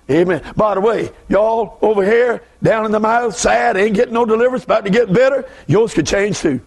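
A Southern US man preaches a fervent revival sermon as a guest preacher, swinging from low asides to shouted bursts. He talks briskly with vocal fry and barely pauses.

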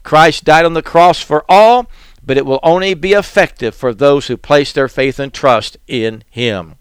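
A man delivers a sermon in a fairly high, smooth, resonant voice. He reads old-style scripture aloud and then drives it home with rhetorical questions. The sound is close and dry, with no room around it. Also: unhurried, no echo. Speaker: preacher.

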